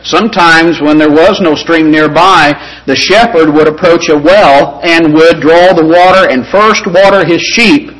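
Earnest preaching man, fairly high voice. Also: fairly bright tone, rough recording. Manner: earnest, conversational preaching with repeated words. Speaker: pastor. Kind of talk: sermon.

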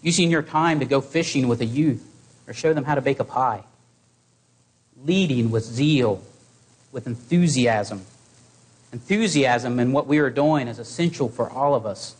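A man preaching a sermon to his congregation in an earnest, exhorting way, with measured pauses. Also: mid-range voice, slightly rough.

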